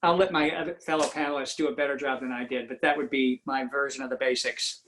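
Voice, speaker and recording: A man's voice: medium pitch, fairly even intonation, quick pace, a bit bright, a little hiss or hum. A man on a panel answering a question, hesitant, with many ums and restarts. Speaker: panelist, attorney.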